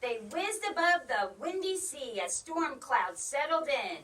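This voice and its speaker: A woman's voice: high-pitched, lively intonation, a little slow, a bit bright. Woman reading a rhyming picture book, sing-song. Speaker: librarian reading aloud. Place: school library. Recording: distant mic.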